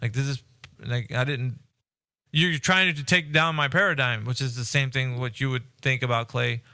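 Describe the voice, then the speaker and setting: A man's voice: mid-range voice, steady tone, normal speed, pushed and bright, clear, resonant tone, no echo. A man hosting a casual voice-chat discussion, talking earnestly and rambling with frequent restarts. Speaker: Discord voice chat host.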